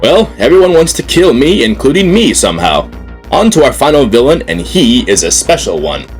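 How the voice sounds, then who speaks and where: Man, talk-show host, upbeat, lively pitch. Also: moderate pace, over music. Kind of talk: scripted fan talk-show hosting.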